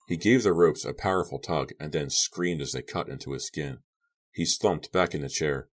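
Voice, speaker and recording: This is scripted audiobook narration of a young-adult horror novel, read by a man with a very deep voice. His delivery is measured and subdued, holding a steady tone between the characters' outbursts.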